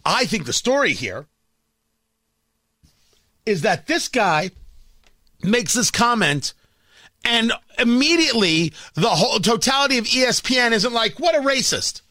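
Combative high-voiced talk radio man. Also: very animated, a little slow, pauses often, pushed and bright, no room sound, clean studio sound. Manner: combative, ranting, repeats and restarts words. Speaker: radio talk show host. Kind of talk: opinionated talk radio monologue.

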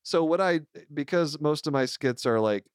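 A man hosting a casual podcast chat, talking haltingly and often restarting his sentences. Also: on the high side, lively intonation, smooth, no echo, clean studio sound. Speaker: podcast host; ophthalmologist making comedy skits.

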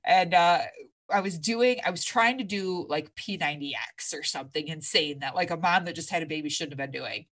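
Brief: woman in her 30s, podcast guest, lower voice, emphatic, candid storytelling. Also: a bit bright. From Michigan, USA. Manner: earnest, emphatic, speeds up and slows down. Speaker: fitness coach guest.

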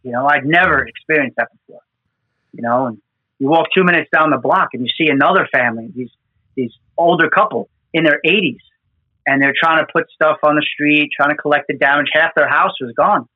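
A man's voice: fairly high pitch, a little fast, dry recording. A man who works disaster response, telling stories from the field in an earnest, emotional way that often repeats words. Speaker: disaster responder with New York fire department team. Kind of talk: conversational storytelling. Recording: tinny phone-like line.

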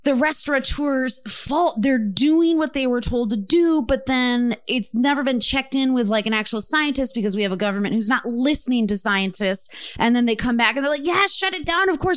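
A woman co-hosting a podcast, chatting casually with impassioned, profane, animated storytelling. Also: high voice, a little fast, no room sound, clean studio sound. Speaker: podcast co-host. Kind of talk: casual chat.

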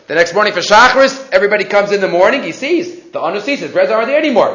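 A man giving a storytelling sermon, animated and acting out the characters as he speaks. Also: high-pitched, fast talker. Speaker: rabbi or teacher giving a sermon. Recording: echoey muffled recording.

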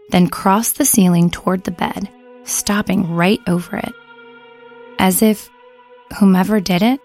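Slow, gravelly woman narrating horror. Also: lowish voice, darkish tone. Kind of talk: first-person horror story narration.

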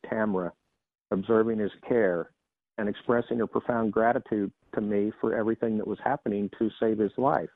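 A man, a former emergency doctor, telling his experiences as a guest in a measured, reflective way with some restarts. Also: fairly low pitch, dry recording. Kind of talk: interview, personal storytelling. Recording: dry tinny phone-like line.

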